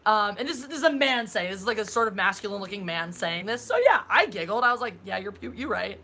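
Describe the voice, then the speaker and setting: A woman co-hosting a casual live stream chat, telling stories in an animated way and laughing often. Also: medium pitch, fast.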